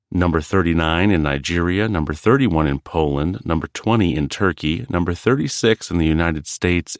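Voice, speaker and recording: Deep-voiced calm male podcast host. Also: no room sound, studio quality. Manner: calm, measured, earnest. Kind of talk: reflective solo podcast narration.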